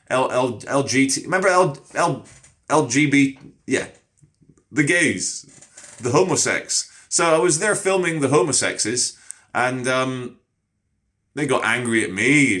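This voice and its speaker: An English man telling street stories to camera in a casual, animated monologue, swearing freely. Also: medium pitch. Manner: animated storyteller who swears a lot. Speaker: street streamer.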